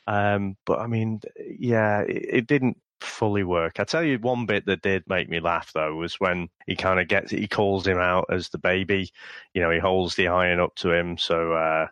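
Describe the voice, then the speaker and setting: A man's voice: low voice, fairly even intonation, normal speed, fairly bright tone, clear, resonant tone, no room sound. A man co-hosting a film review podcast, easygoing and chuckling as he chats casually. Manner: easygoing, chuckles while talking. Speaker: podcast co-host.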